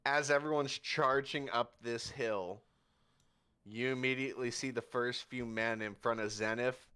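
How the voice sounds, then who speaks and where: A man narrating a tabletop game as game master, describing a battle slowly and vividly. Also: medium pitch, steady tone, bright, forceful tone, clean tone. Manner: slow, vivid scene narration.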